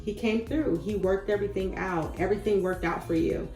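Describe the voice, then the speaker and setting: A woman in her thirties talking casually and encouragingly to camera about faith and change, chatty and goofy, with sudden loud bursts. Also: medium pitch, fairly quick. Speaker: spiritual vlogger. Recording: echoey room with faint music.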